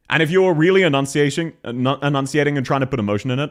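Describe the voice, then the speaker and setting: A man's voice: on the high side, fast talker. A young Australian man with an Australian accent, casually reacting on a stream, laughing often and swearing as he imitates voices.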